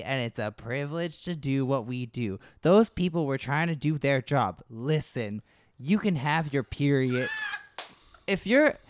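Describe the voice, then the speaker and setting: A man's voice: on the high side, smooth, dry recording. A man doing a scolding older talk-show hostess. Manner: lecturing, emphatic.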